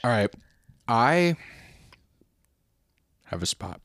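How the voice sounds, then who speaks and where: Podcast dude rambling about beer, swears a lot, chuckles, dry close mic. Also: male voice, medium pitch, big pitch swings, very slow, fairly bright tone, no room sound. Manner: rambling, profane, chuckles often. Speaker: podcast co-host. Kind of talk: casual beer podcast banter.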